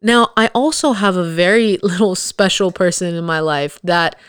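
Woman podcast host, lowish voice, smooth and clear, dry close sound, blunt confiding advice. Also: moderate pace, no room sound. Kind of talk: candid advice talk to listeners.

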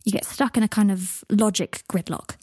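A woman's voice: medium pitch, moderate pace, a little mellow, slightly rough, no echo, clean studio sound, natural voice. A woman doing a blunt young wizard mate. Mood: explaining. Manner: casual, blunt, explanatory. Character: young adult male wizard, blunt and matter-of-fact.

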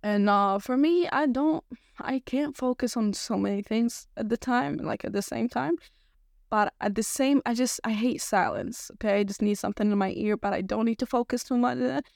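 Young female podcast host, casual rambler, fry in the voice, dead dry sound. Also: fairly high pitch, moderate pace, darkish tone, no echo. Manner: rambling, full of fillers and restarts. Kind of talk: casual solo podcast chat.

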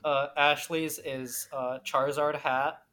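A low-pitched woman co-hosts a casual podcast, swearing freely and joking around. She reads news items in a flat, quick voice. A faint hiss sits under the recording. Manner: profane, jokey, reads news aloud. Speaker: podcast co-host. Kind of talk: casual chat.

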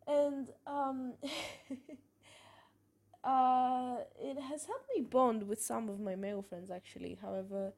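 A woman's voice: sits high, slow, vocal fry, long pauses. Frank young woman telling stories. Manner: frank, expressive storytelling with swearing and laughs. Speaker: podcast host. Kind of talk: candid personal monologue.

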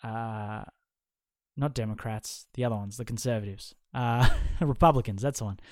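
A man's voice: lowish voice, normal speed, no echo, clean studio sound. A young man hosting a podcast, ranting heatedly and swearing constantly as he picks apart someone's opinions. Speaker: podcast host. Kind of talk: casual podcast rant.

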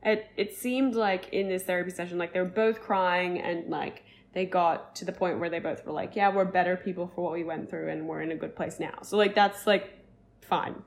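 A woman's voice: fairly low pitch, steady tone, moderate pace, a little hiss or hum. A woman co-hosting a casual podcast, recapping reality TV with lots of "like" fillers. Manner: chatty, fillers of "like", breaks into laughter and mock singing. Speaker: podcast co-host.

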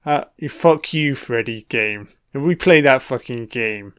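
A man's voice: mid-range voice, measured pace, a bit bright, clean tone. A man giving casual audio commentary on a film, with profane, sardonic running reactions.

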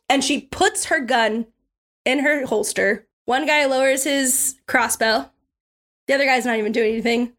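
A high-voiced woman runs a tabletop game as its narrator. She talks in a lively way and laughs often as she describes the scene. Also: normal speed. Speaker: game master.

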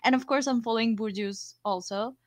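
A young woman co-hosting a podcast in relaxed casual chat, laughing easily. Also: a little high, a little fast, dry recording. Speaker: podcast co-host. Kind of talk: casual chat about a TV show.

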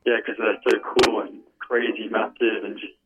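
A man's voice: lowish voice, little pitch movement, normal speed. Tinny-sounding laid-back young man. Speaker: guest. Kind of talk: casual chat.

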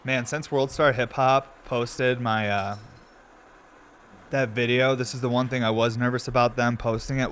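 With a faint hiss or hum in the background, a young man with a medium-pitched voice rambles during a smoke session at home. The streamer and podcast host shivers from the cold and keeps his casual talk loose, crude and self-mocking.

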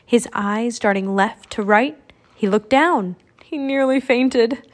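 A woman's voice: on the high side, slow pace. Woman reading a children's storybook. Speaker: narrator. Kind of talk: audiobook reading.

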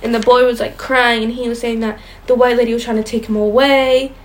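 High-voiced young woman reading ghost stories. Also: flat delivery, fairly quick, poor audio. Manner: chatty, stumbles over words while reading. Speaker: podcast co-host. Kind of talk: casual chat, reading ghost stories aloud.

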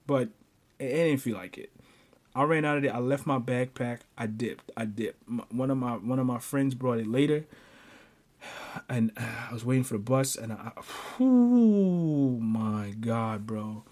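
Animated man telling a story with laughs. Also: mid-range voice, a little slow. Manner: animated, laughing often, stammering restarts. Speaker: podcast host. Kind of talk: casual storytelling.

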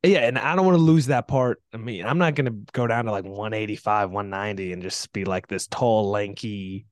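A man's voice: lowish voice, brisk, no room sound. Rambling young man, dry close sound. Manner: rambling storyteller, lots of fillers and "like". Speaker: podcast co-host. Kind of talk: casual chat.

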